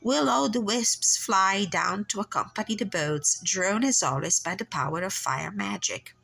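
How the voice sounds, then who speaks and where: A woman with a stuffy, nasal voice from blocked sinuses, calmly doing a personal tarot reading and reading passages aloud from a guidebook, with many pauses and fillers. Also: mid-range voice, vocal fry, husky, rough recording. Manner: calm, reflective, unhurried with frequent fillers. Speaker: tarot reader and channel host.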